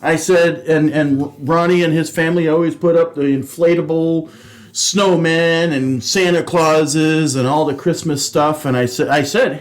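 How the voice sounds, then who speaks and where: A man's voice: fairly high pitch, fairly even intonation, unhurried. A man, a former police officer co-hosting a podcast, telling stories in casual chat and tossing in dry asides.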